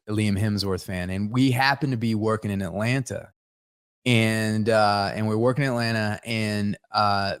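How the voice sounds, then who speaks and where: A man co-hosting a podcast, telling a story in a casual, animated way with lots of laughter. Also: lowish voice, smooth, dry recording, clean studio sound. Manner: animated, laughs a lot, acts out voices in stories. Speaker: podcast co-host.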